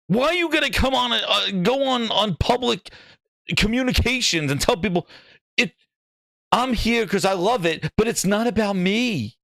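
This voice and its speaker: Exasperated male gaming host, high lively voice, profane rant, dry close sound. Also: normal speed, vocal fry, dry recording. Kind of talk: ranting commentary.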